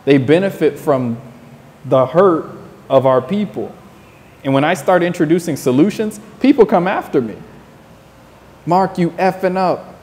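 Guy from the states going off, preachy and insistent, voice sits a bit high, lots of reverb. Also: lively intonation, moderate pace, a little mellow. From United States. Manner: preachy, insistent, repeats his points. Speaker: interview guest. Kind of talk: passionate monologue.

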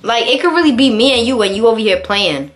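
A woman's voice: on the high side, expressive, fast, fairly bright tone, faint music behind. A woman voicing a sassy young New York woman on a video call, talking with defensive attitude.

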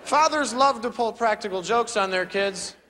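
A young man doing an animated stand-up routine on a theater stage, acting out characters with voices and sound effects. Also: sits high, normal speed. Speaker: stand-up comedian. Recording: live theater recording with crowd noise. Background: audience laughter.

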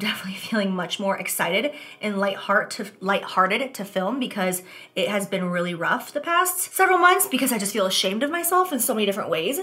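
A woman's voice: medium pitch, bright, forceful tone. A young woman vlogging while doing her makeup, talking candidly and emotionally to her viewers. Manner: emotional, earnest confessional talk. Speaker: beauty vlogger. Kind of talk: candid get-ready-with-me talk.

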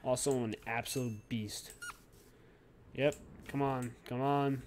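Young guy gaming and joking around, chatty, keyboard clacking loud in the background. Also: mid-range voice, steady tone, a little slow, creaky, heavy background noise. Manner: goofy, talks to his pet and the viewers. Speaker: gaming YouTuber. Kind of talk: casual gameplay commentary.

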